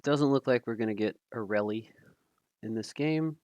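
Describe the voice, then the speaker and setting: A man casually commentating a live stream, thinking aloud with fillers, self-deprecating and quick to laugh. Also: lowish voice, a little mellow, no room sound, muffled recording.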